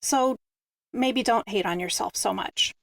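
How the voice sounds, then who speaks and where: A woman's voice: mid-range voice, a little slow, creaky, no room sound. A woman hosting a panel discussion, speaking in a reflective, storytelling way. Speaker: host.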